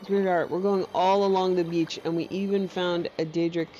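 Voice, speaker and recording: A woman's voice: on the low side, flat delivery, moderate pace, dark tone, lo-fi sound, a little hiss or hum. A woman giving playful, casual gameplay commentary, cooing at her companion in baby talk and cracking jokes at her own expense. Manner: jokey, teasing, self-mocking asides. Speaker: gameplay streamer.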